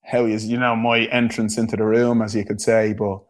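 A young man with a Dublin Irish accent chatting casually on a podcast. He talks quickly and keeps asking "do you know what I mean". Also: on the low side, flat delivery. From Ireland. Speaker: guest.

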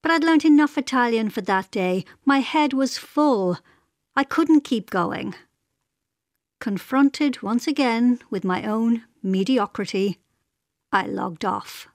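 A woman's voice: fairly high pitch, lively intonation, slow pace, dry recording, studio quality. A woman narrating a personal essay in a wry, reflective manner.

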